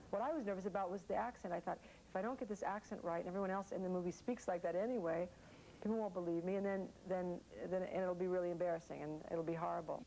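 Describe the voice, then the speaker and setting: A woman's voice: medium pitch, warm tone, slight background noise, low-quality recording. An actress in her forties answering interview questions in a rambling, chatty way with many fillers.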